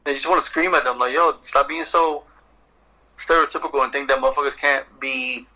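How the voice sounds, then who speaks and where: Bright, animated man telling stories. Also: medium pitch, fairly quick, poor audio. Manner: animated, profane storyteller, acts out exchanges. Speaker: poet and guest. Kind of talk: casual podcast conversation.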